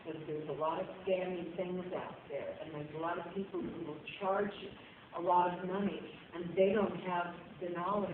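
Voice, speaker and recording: A woman's voice: lowish voice, fairly even intonation, normal speed, narrow, tinny audio, background noise. A woman speaking as a voice actor on a panel, giving chatty, practical advice. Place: convention panel room. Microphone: audience member's cell phone. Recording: echoey hall on a phone from far off.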